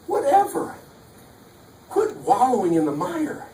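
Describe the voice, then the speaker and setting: A man's voice: sits high, expressive, a little fast, darkish tone, a little hiss or hum. A man giving a punchy, joking motivational sales talk to a live audience, recorded from a distance in a large hall. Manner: punchy, jokey, preacher-like. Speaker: motivational speaker. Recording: echoey hall from far off.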